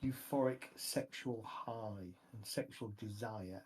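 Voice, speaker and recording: A man narrating a tabletop horror game as game master, describing scenes slowly and carefully. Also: fairly low pitch, darkish tone, rough recording. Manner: slow, measured scene narration. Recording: faint music behind.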